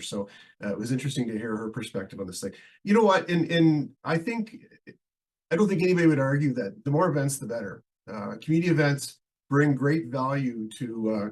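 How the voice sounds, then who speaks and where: A man with a bad head cold argues his point before a town council, his voice husky and worn thin. He stumbles and restarts often, filling gaps with hesitations as he pushes through the speech. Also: medium pitch, darkish tone, rough recording. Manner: halting, many fillers and restarts. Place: council meeting.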